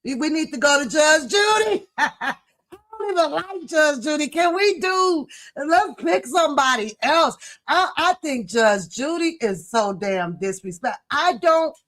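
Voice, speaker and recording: A woman hosting a commentary channel, reading text messages aloud and reacting in an emphatic, sassy way with loud outbursts. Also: high-pitched, lively intonation, measured pace.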